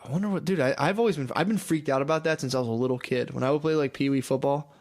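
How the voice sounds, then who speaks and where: Profane laughing young podcast host. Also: male voice, mid-range voice, very fast, darkish tone. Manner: profane, joking, laughs often. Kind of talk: casual crude chat.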